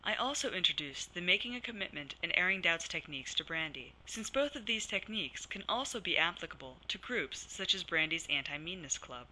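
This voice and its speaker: Bright-voiced woman narrating a lesson. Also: fairly low pitch, expressive, slight background noise, rough recording. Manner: measured, reads scripted case examples. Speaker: counselor teaching a course. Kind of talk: scripted instructional narration.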